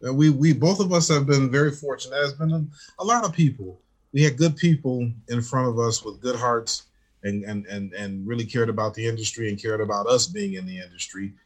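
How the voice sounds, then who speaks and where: A man in the middle of a relaxed conversation, recalling his past with lively, animated storytelling. He slips into the voices of the people he quotes, his tone rising and falling as the story unfolds. His pitch sits in an ordinary middle range. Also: a little fast. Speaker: teacher, guest.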